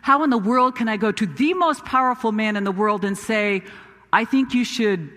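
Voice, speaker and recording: A man's voice: high-pitched, moderate pace, pushed and bright, big-room sound. A man playing Moses, earnest self-doubting prophet. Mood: pleading. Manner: earnest, emphatic storytelling with pleading questions. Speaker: preacher. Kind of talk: first-person dramatic sermon monologue.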